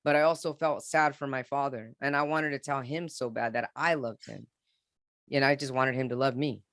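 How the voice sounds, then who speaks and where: Male guest in his forties, mid-pitched, earnest and halting as he tells his story, recorded dry. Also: steady tone, fairly bright tone, no echo. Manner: earnest, halting, with frequent restarts and repeats. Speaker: podcast guest. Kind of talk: candid personal storytelling in an interview.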